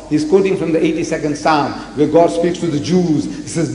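An older man from South Africa giving a religious debate lecture, animated, often acting out the dialogue he quotes. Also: fairly high pitch, fairly quick, hardly any pauses. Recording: echoey hall with faint noise.

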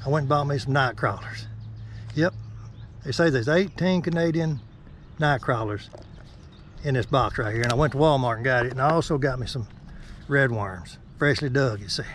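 A folksy man hosts an outdoor fishing vlog from a lakeside bank, keeping his voice deliberately soft. He has a mid-pitched voice and talks to viewers as friends, with faint open-air ambience behind him. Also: slight background noise. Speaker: fishing channel host. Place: outdoors on the bank of a small neighborhood lake.

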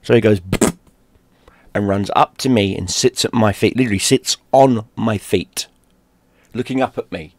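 A gaming streamer from London, speaking in a low voice, tells a personal story. He is animated and profane, and he acts out the shouted lines as he goes. The sound is dry and close, with no room echo. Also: moderate pace. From London, England.

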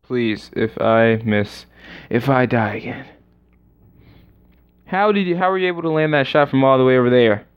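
A man's voice: mid-range voice, a little fast, clean tone. A man giving let's-play commentary while gaming, groaning in mock exasperation. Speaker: gamer. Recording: lo-fi muffled recording.

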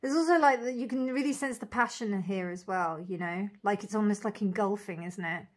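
At a brisk pace and medium pitch, this tarot reader walks through her new oracle deck in a relaxed unboxing. Each card's name and meaning gets soft, admiring praise, with lingering words, gentle laughter and gushing side remarks.

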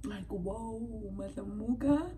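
A young woman talks to her phone camera in a loose, chatty vlog style, dropping into isiZulu between English lines. Her voice sits at an ordinary middle pitch. The phone recording carries a clear layer of noise. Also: slow pace. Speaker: vlogger. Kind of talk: casual vlog talk to camera. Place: hotel room and lobby. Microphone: handheld phone.

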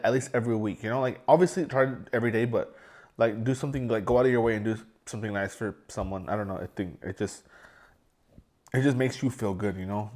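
A man in his thirties talking casually to camera as a food vlogger, rambling with repeated words and fillers. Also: medium pitch. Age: 30s. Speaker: mukbang vlogger.

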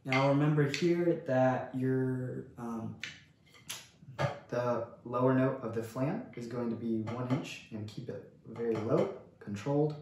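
A man's voice: medium pitch, slow pace. Laid-back man teaching snare drum. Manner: relaxed, counts rhythms aloud, often says "cool". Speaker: percussion instructor. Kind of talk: casual music lesson. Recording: very echoey room, faint noise.

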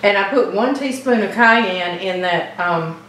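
A woman's voice: medium pitch, measured pace, a bit bright, slight background noise. A woman hosting a home cooking show, chatty and bubbly as she talks straight to her viewers. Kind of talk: casual cooking demo and taste test. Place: home kitchen. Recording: echoey kitchen, far from mic.

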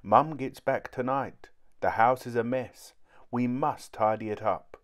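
A busy dad organises the children on a weekend morning, voiced by a man reading aloud. The voice is a little lifted and louder than his narration. It is a storybook read aloud. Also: medium pitch, a little slow, lightly acted. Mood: fatherly. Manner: bright, apologetic. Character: cheerful fussing father.

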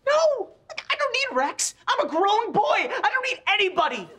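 A nerdy, anxious teenage boy in a sitcom, panicky and whiny, with a high voice that swings widely. Audience laughter comes through behind him. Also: sing-song, moderate pace, sharp tone, some chatter behind, a little hiss or hum, exaggerated voice. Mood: frantic. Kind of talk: sitcom acting.

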